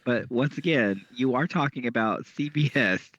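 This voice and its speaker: A man's voice: medium pitch, moderate pace, a bit bright, no echo. A man co-hosting a podcast in a sassy, wry casual chat. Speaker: podcast co-host. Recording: slightly dull lo-fi audio.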